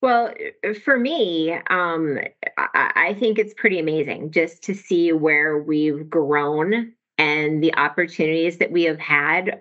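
A woman's voice: low-pitched, lo-fi sound. A woman in her forties talking with enthusiasm as a podcast guest, chatty and upbeat. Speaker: podcast guest, tax software professional. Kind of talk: podcast conversation.

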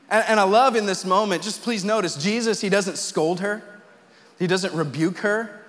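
A man with a bright, high voice preaches a conversational sermon to his congregation. His words ring with a long reverb through a big church auditorium. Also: brisk. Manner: conversational preaching, tag questions, rising to fervent quoted pleas. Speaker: pastor.

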